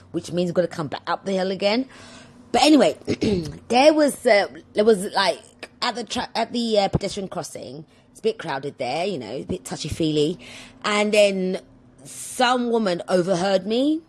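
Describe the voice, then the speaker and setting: A woman's voice: fairly low pitch, darkish tone. A young woman hosting a casual solo podcast, telling rambling, digressive stories in a chatty way. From London. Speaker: podcast host.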